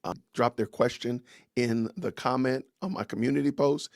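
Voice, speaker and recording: A man with a medium-pitched voice, speaking at a moderate pace in a studio-quality recording with no room sound, hosts a casual livestream podcast. He welcomes viewers with upbeat slang and introduces his guest.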